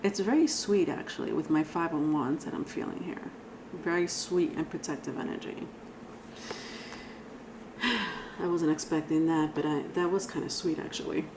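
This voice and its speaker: A woman's voice: deep voice, normal speed, noisy background. A woman giving a casual, rambling tarot reading, talking straight to viewers with sighs and laughs. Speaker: tarot reader.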